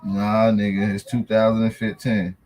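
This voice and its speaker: A man's voice: fairly low pitch, little pitch movement, normal speed, darkish tone. A man hosting a livestream, bantering casually and mocking a caller in a brash, profane way. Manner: brash, mocking, trash-talking. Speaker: livestream host.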